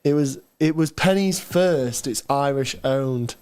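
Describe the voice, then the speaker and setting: A young Englishman talks easily in casual stream banter, often cutting in with quick agreement. His voice sits in a middle pitch, neither high nor low. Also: a little mellow, smooth. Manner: chatty, quick agreeing "yeah, yeah". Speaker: co-host of a football watchalong stream. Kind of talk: casual chat.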